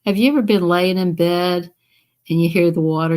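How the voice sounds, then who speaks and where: A woman's voice: on the low side, fairly even intonation, normal speed, a little mellow. A woman with a Southern US accent chatting casually on a live stream, telling stories to her viewers and laughing often.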